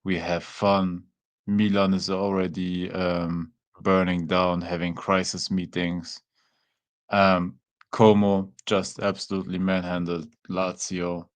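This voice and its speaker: Laid-back German-accented man, low voice. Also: slow pace, clean tone. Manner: relaxed, chatty, talks to chat with fillers like "man". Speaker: watchalong host. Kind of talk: casual live-stream chat.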